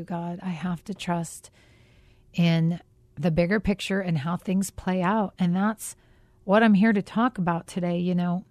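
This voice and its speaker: A woman hosting a faith podcast, telling a personal story in an earnest, reflective way with pauses. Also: medium pitch, darkish tone, no echo. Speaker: podcast host.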